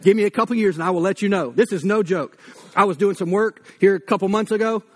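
A man's voice: high-pitched, quick pace. A man preaching a blunt, conversational sermon with humor, likely in his thirties, acting out quoted voices along the way. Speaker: pastor.

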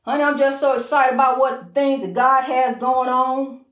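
High-voiced woman preaching, calling you honey. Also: roomy sound. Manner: repetitive, emphatic, calls the listener honey; talks fast when excited. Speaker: inspirational speaker. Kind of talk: informal preaching monologue.

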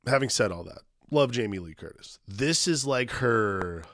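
A man co-hosting a casual film podcast, relaxed and rambling, with frequent restarts and some swearing. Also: mid-range voice, normal speed, dry recording, studio quality. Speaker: podcast co-host.

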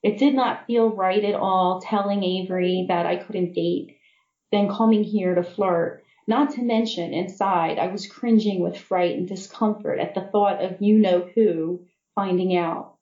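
A woman author reading her own novel aloud in measured first-person storytelling. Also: mid-range voice, fairly even intonation, dark tone, reverberant, lo-fi sound.

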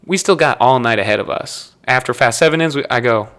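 Bright-voiced young man rambling with laughs. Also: mid-range voice, fairly quick, clean tone. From Nebraska. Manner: rambling storyteller, laughs often, self-corrects. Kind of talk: casual chat.

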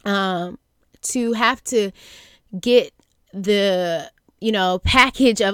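Slow, earnest young woman, faith podcast host, smooth clear voice, dry close sound. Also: mid-range voice, fairly bright tone, no echo. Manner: earnest, halting, many fillers and restarts. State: near tears at times. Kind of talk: reflective faith podcast monologue.

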